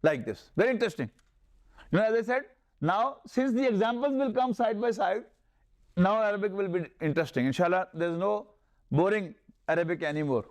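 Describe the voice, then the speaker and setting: A man's voice: high voice, lively intonation, brisk. A man with a Pakistani accent teaching Arabic grammar in a classroom lecture, explaining step by step, repeating terms and reciting verses.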